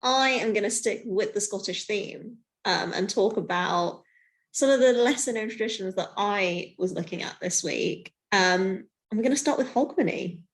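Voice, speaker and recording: A woman co-hosting a relaxed conversational podcast, with a mid-range voice. She talks in a loose, casual way, often filling her pauses with "like" and "um". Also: medium pitch. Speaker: podcast co-host.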